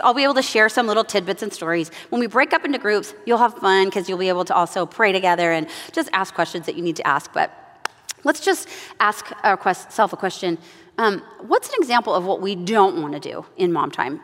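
Chatty middle-aged woman teaching moms. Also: mid-range voice. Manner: chatty and animated, acting out family moments. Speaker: moms' group Bible study leader. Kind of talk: devotional teaching with personal stories. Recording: long reverb of a large room.

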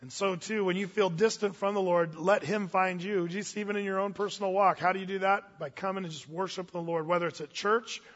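High-voiced man preaching in a reverberant hall. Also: fairly even intonation, a little fast, few pauses, fairly bright tone. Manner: conversational, folksy, with asides and restarts. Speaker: pastor. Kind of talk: sermon. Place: church hall. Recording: dull audio with long reverb in a church hall.

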